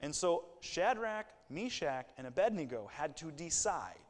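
A man's voice: on the high side, sing-song, unhurried, hardly any pauses. Preaching man in a reverberant hall. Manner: conversational preaching with asides and jokes. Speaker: pastor. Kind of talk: sermon.

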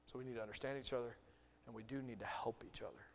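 Baptist pastor preaching in a reverberant hall. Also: male voice, medium pitch, quick pace, creaky. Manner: conversational storytelling, animated acted quotes. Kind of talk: sermon. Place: church sanctuary. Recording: long reverb of a church hall.

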